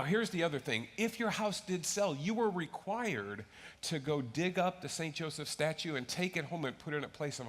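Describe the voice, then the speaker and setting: A pastor preaching a sermon, casual and joking, acting out crowds and disciples in raised voices. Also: male voice, a little high, fairly bright tone.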